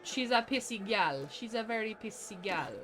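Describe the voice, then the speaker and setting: Exasperated woman streamer, lively pitch. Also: slight background noise. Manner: grumpy, exasperated, quick to laugh. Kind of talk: live game stream chat.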